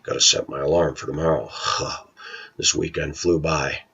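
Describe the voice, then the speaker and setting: With a gravelly, sharp voice that has a breathy edge, a middle-aged American vlogger delivers an opinionated, scornful rant at normal speed in a steady tone, sometimes mocking people's voices in falsetto. The highs are cut off in the recording.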